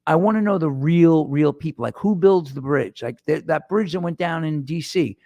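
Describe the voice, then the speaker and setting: With a microphone in front of him, a middle-aged man delivers a casual solo monologue on his podcast, rambling, putting himself down and restarting often. His voice is fairly high and warm, at a moderate pace.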